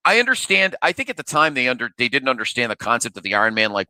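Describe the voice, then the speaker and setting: A man's voice: mid-range voice, sing-song, quick pace, hardly any pauses, pushed and bright, clear, resonant tone, no echo. A man co-hosting a podcast in casual chat, hesitant with many fillers and restarts. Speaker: podcast co-host.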